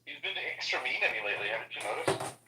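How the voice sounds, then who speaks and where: A man's voice: mid-range voice, big pitch swings, very fast, very noisy. A man co-hosting a podcast, blunt and teasing in casual chat. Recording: echoey room, far from mic.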